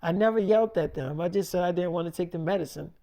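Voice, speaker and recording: A man voicing his young pregnant wife as he retells an argument, speaking quietly and hesitantly. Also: fairly low pitch, fast, close to an everyday voice. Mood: quiet defensive. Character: soft-spoken young pregnant wife, defensive.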